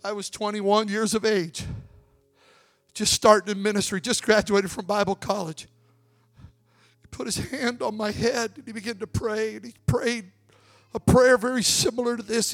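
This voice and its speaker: A young male preacher with a high voice delivers a sermon, telling a story in a warm conversational way and then rising into shouted, drawn-out appeals. Soft instrumental music plays faintly behind him. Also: steady tone.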